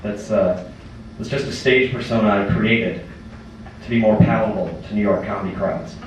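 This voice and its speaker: A man doing stand-up, talking in a hesitant, halting, quiet way in a comedy club. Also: on the low side, far from the mic, slight background noise. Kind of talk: stand-up confession bit. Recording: echoey club heard from afar.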